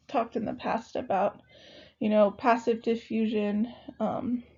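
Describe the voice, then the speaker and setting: A hoarse woman who is losing her voice, giving a recorded lecture in a casual, conversational way. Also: fairly high pitch, dark tone. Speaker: instructor. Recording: dull lo-fi recording.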